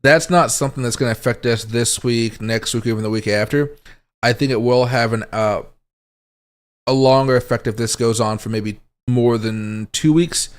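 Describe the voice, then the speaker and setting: A man's voice: medium pitch, moderate pace, clean tone. A man giving casual, rambling livestream commentary on crypto charts, thinking aloud as he goes. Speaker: crypto market streamer.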